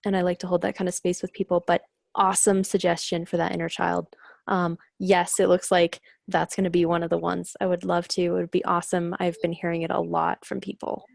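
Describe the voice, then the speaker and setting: A woman's voice: on the low side, little pitch movement, fairly quick, creaky, no room sound. Upbeat woman healer, dry close sound. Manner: spontaneous and upbeat, loose and chatty. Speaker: energy healer and coach. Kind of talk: casual live stream chat.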